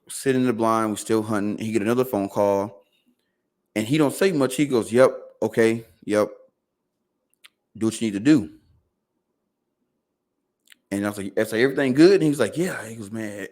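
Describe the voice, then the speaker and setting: Low-voiced man telling a story. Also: normal speed, pauses often, darkish tone. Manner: fillers and repeated words, quoting others in dialogue. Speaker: podcast guest. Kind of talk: casual storytelling.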